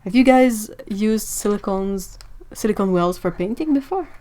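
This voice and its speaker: A woman hosting a live-streamed art supply unboxing, excitable and chatty, talking to her viewers as she goes. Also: mid-range voice, normal speed, background noise. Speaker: art channel host.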